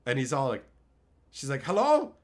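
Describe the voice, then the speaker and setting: A man's voice: fairly high pitch, big pitch swings, measured pace, a bit bright. A man chatting casually on a live stream, telling stories animatedly and laughing often.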